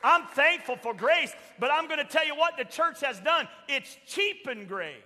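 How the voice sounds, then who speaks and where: A man preaching a sermon as pastor, emphatic, shouting at high points and dropping soft for quoted asides. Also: lively intonation, normal speed. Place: church sanctuary. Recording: long church reverb.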